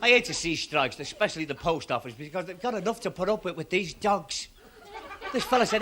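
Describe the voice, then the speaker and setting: High, lively British stand-up comic. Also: male voice, brisk. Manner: chatty, laughs at his own punchlines. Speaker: stand-up comedian. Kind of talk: stand-up joke telling. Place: comedy club stage with live audience. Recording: noisy live room with loud audience.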